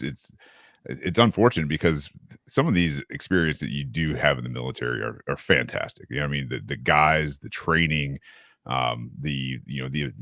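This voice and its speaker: A man's voice: very deep voice, fairly bright tone, no echo, clean studio sound. A man hosting a live podcast, chatting casually and rambling with many fillers and restarts. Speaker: podcast host. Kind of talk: casual live-stream chat.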